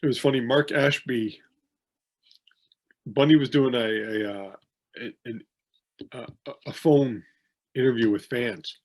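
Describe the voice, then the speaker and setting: A man's voice: mid-range voice, measured pace, long pauses. A man co-hosting a podcast, telling rambling anecdotes with many restarts and fillers in a casual chat. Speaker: podcast co-host, wrestling promoter.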